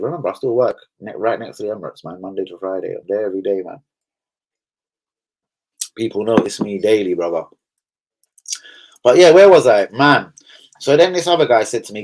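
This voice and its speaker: A man's voice: fairly low pitch, a little mellow, poor audio. Sweary London man streaming. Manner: sweary, blunt banter. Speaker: livestream host. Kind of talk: casual livestream chat with viewers.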